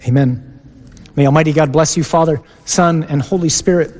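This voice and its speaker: Brief: male priest mid-sermon, fairly high voice for a man, church reverb, emphatic with drawn-out stresses. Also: fairly even intonation, darkish tone. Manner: emphatic, slows down sharply on key phrases. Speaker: priest leading a parish mission. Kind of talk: preaching a sermon and leading prayer. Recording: long echo of a church hall.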